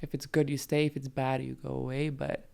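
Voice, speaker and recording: A woman's voice: rumbling low, little pitch movement, brisk, gravelly, dark tone. A woman guesting on a podcast, talking frankly and emphatically about dating in casual conversation.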